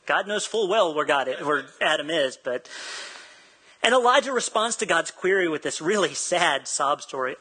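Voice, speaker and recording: Bright-voiced chatty male preacher. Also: a little high, animated, moderate pace, slightly rough, poor audio. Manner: chatty, self-deprecating, laughs easily; acts out quoted dialogue. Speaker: pastor. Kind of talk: sermon with personal storytelling.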